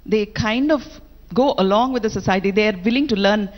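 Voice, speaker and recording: A woman's voice: medium pitch, a little fast. A female panelist talks with confidence, ticking off her points one by one. The recording is slightly dull and muffled.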